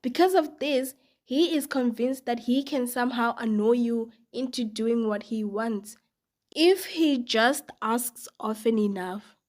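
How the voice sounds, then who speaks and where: A woman's voice: a little high, a little slow, darkish tone. Woman reading stories, sarcastic. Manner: casual, sarcastic asides. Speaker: storytime narrator. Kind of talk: reading online stories aloud.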